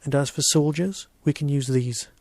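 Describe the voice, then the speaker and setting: A man voicing a calm, wily small man who talks in a measured, knowing way. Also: on the high side, no room sound, natural voice.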